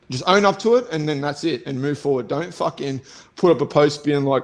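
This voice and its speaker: Australian man, podcast co-host, angry profane rant, slightly raised pitch. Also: lively intonation, fast talker. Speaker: co-host and fighter. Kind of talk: casual podcast chat.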